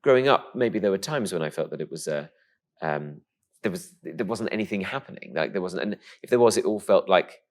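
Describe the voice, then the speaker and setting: Posh-voiced English male comic, camp and animated, low voice with a wide swing. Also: a little fast. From England. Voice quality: posh-sounding voice. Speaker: comedian guest. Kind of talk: casual interview chat.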